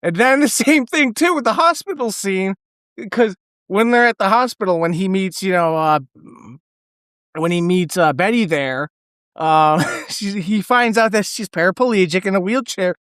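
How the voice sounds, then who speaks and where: A podcast co-host retelling scenes excitedly, often laughing and swearing. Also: mid-range voice, normal speed, no echo, studio quality. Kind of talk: casual film discussion.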